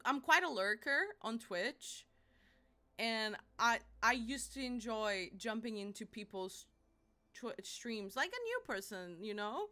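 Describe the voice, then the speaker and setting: A young woman streaming live, chatting casually and animatedly, laughing and apologizing a lot and squealing when excited. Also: fairly high pitch.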